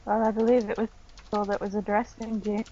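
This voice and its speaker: A woman's voice: medium pitch, flat delivery, brisk, dark tone, highs cut off, slight background noise. A woman playing a tabletop game, speaking in a haughty, imperious manner. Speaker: player. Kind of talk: in-character tabletop role-play.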